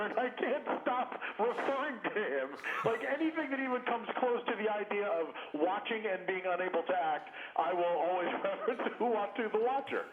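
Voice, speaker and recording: Man, comedian calling in, rambling, self-mocking, slightly high voice. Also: lively intonation, normal speed, few pauses. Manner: rambling, self-mocking, laughing at own jokes. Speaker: comedian guest. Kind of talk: phoned-in comedy chat. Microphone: phone. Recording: muffled echoey phone line with noise.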